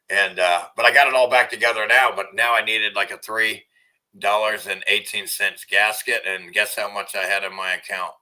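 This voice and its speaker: A man commenting on clips in an angry, profane rant that now and then bursts into shouting. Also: deep voice, poor audio. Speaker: video commentator.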